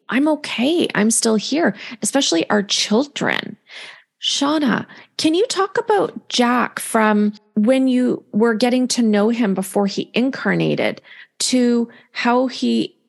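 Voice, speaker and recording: A middle-aged woman hosting an emotional podcast interview, asking gentle questions and speaking openly about her own grief. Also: a little high, gravelly. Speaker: podcast host.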